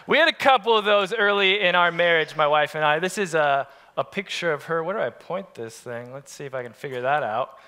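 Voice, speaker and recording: A pastor in his adult years preaches a sermon, spinning a comic story and tossing playful asides to his listeners. His voice sits high for a man and has a bright, sharp ring to it. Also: lively intonation, moderate pace.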